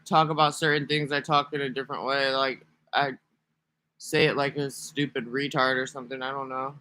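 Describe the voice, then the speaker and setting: A man's voice: medium pitch, pushed and bright. A man talking casually to camera in a rambling, profane, sarcastic vlog monologue. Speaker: vlogger.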